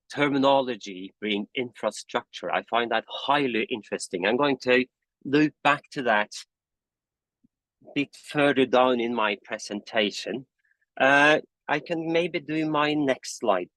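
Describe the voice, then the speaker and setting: A man's voice: mid-range voice, a bit bright, no echo, rough recording. A man giving a conversational webinar presentation on a video call, now and then correcting himself mid-sentence. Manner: conversational, self-correcting, admits talking fast from coffee. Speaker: presenter, standards committee convener.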